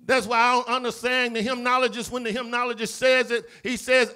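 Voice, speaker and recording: A Southern-accented male pastor preaches in a church sanctuary, his voice high and bright with a forceful edge. He acts out scripture dialogue and swings between loud cries and hushed, low lines. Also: little pitch movement, brisk, few pauses. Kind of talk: sermon.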